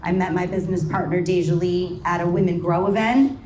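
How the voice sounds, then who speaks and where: A woman's voice: lowish voice, fairly even intonation, fairly quick, darkish tone, slight background noise. A woman from New York speaking as a panel guest at a live event, talking in a passionate, rallying way and swearing freely. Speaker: panel guest, cannabis company co-founder. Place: event stage before a live audience. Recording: echoey event space, distant mic, crowd.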